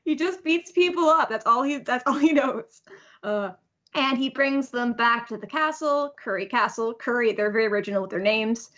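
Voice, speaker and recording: A woman's voice: on the high side, normal speed, fairly bright tone, highs cut off. A woman cohosting a podcast, chatting casually through a manga recap, laughing often and putting on raised voices for the characters' lines.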